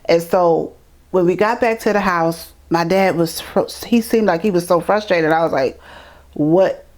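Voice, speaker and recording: Lively storytelling woman, low voice. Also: moderate pace. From New York. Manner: animated, acts out quoted voices, repeats words. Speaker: interview guest. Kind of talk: storytelling in conversation.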